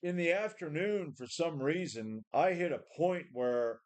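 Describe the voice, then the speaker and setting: A man's voice: a little high, animated, measured pace, a little mellow. A tired, run-down man ranting in a rambling, profane way, often repeating and restarting. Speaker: home gym vlogger. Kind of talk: casual rant to camera.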